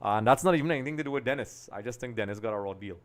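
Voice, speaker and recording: A man hosting a live football watch-along, chatting to viewers and getting excited at every chance. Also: medium pitch, racing. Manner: chatty, keeps addressing viewers as folks, gets excited at chances. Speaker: live stream host.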